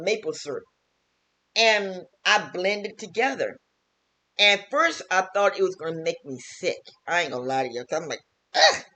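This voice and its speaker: A woman's voice: lowish voice, pushed and bright. A woman, a health vlogger and teacher, talking earnestly and repetitively in a casual home wellness vlog from her kitchen.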